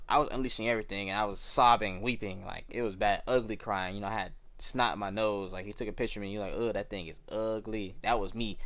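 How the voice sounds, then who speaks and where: A young man with a fairly low voice tells his faith story in a loose, slangy, reflective way. The sound is dry and close, with no room around him. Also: fairly bright tone, no echo. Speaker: podcast host sharing his testimony. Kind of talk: casual personal storytelling.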